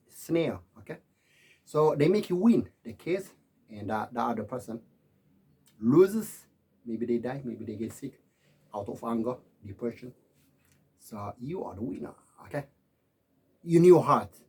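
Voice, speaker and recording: A man giving an emphatic, preachy monologue, repeating himself and swinging from loud to quiet. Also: medium pitch, slightly rough. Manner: repetitive, keeps saying "my friend" and "okay".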